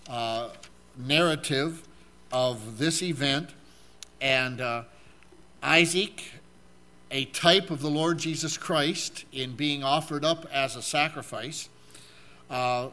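A man's voice: a little high, bright, forceful tone. A man preaching a sermon, asking the congregation questions and reading scripture aloud, with frequent fillers. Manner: asks the audience questions, halting with fillers.

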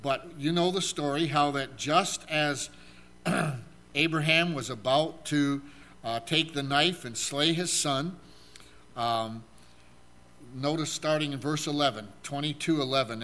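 A man whose fairly high voice sounds pushed and bright delivers a sermon, reading scripture and posing questions to the congregation. His speech is halting, full of fillers.

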